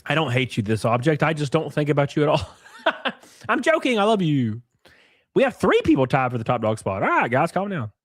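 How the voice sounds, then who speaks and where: A man hosting a live stream, chatting casually and joking loudly with viewers while sick and sniffly. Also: fairly high pitch, huge pitch swings, brisk, dry recording, clean studio sound. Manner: rowdy, jokey, loud exclamations and laughs. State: sick and sniffly, stuffed nose.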